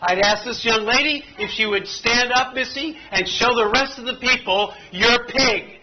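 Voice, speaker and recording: A man's voice: sits high, measured pace, heavy background noise. A man presenting an interactive training exercise to an audience at tables, telling a story and joking with the room. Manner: playful storyteller, jokes with the audience. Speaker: workshop presenter.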